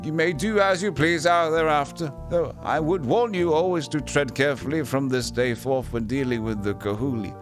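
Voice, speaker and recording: Man voicing a grave older temple priest for a game stream, raised pitch, formal and demanding. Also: normal speed, hardly any pauses, over music, natural voice. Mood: stern, solemn. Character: solemn older male temple lector, stern and demanding.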